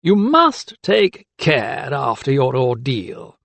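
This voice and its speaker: A man voicing a sly older male magistrate who mocks with slow, relishing speech. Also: high-pitched, sing-song, vocal fry, no room sound, pitched above the performer's own voice, exaggerated voice. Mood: smug. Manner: drawn-out, relishing delivery. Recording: dry close studio sound.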